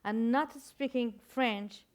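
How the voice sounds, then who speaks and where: A woman's voice: fairly high pitch, clear, resonant tone. Older woman with a Persian accent. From Iran. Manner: halting, searching for words, wry humor. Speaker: author guest. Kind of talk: reflective interview storytelling.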